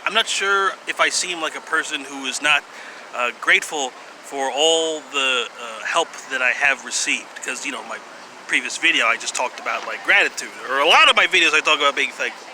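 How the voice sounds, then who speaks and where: A man's voice: medium pitch, expressive, brisk, bright, forceful tone, poor audio. A man talking casually to camera in a rambling, hesitant way, full of fillers, sighs and wry little laughs. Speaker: vlogger. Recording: outdoor street noise behind.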